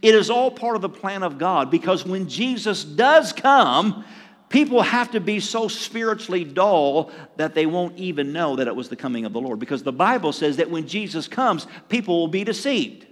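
An older pastor preaches in a chatty, storytelling way, now and then acting out his own asides. His voice sits high for a man. It carries the long reverb of a church hall. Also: expressive, normal speed. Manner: conversational preaching with acted asides and chuckles. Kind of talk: sermon. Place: church sanctuary.

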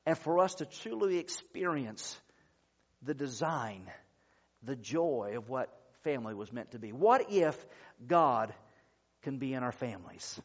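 A man preaching a sermon as pastor, telling a story in an earnest, measured way with drawn-out pauses. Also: medium pitch, very animated. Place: church service. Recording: dull lo-fi sermon recording.

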